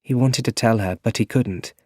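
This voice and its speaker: A man narrating a story for English learners in a clear, measured reading. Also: lowish voice, darkish tone, dry recording. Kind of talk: slow scripted story narration. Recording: dry close recording.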